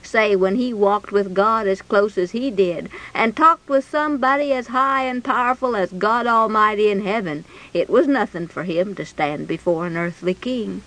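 A woman's voice: mid-range voice, moderate pace, few pauses, fairly bright tone, poor audio. A woman telling a Bible story in a folksy, chatty way, full of rhetorical questions.

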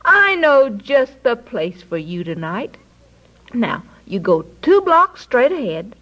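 A woman voicing a kind, fatherly tall policeman in a storybook reading, speaking in a gentle, slow drawl. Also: high-pitched, full character voice, poor audio.

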